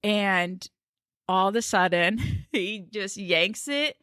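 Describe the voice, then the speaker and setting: Podcast co-host, woman, bright, dry close sound, laughing storyteller. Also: mid-range voice, animated, slow, clear, resonant tone, dry recording. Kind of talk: casual chat.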